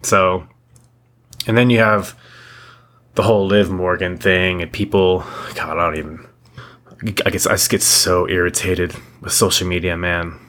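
A young man with a deep, low voice talks on a podcast in a blunt, profane, animated rant. He keeps restarting his sentences as he piles on opinions. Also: measured pace, long pauses. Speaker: podcast co-host. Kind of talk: casual opinionated chat.

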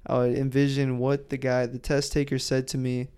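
A man tells a story on his podcast, swearing freely and throwing his voice into the quotes he acts out. His tone is mellow and his voice is smooth. He talks casually, like he is chatting with a friend. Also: medium pitch, normal speed. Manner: profane, animated storyteller who acts out quotes loudly. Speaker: podcast co-host.

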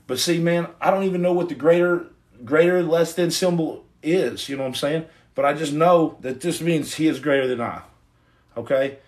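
A man's voice: on the high side, moderate pace, a little mellow. A man hosting a casual livestream, reading viewer comments and giving a rambling, earnest pep talk full of restarts. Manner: rambling and repetitive, with many restarts. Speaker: livestream host and former Navy SEAL. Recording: echoey room.

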